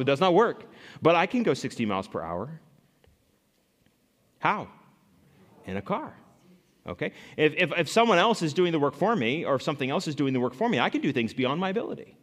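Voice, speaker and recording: A man preaching a sermon as pastor, earnest and lively, often restarting phrases as he explains scripture. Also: fairly high pitch, big-room sound.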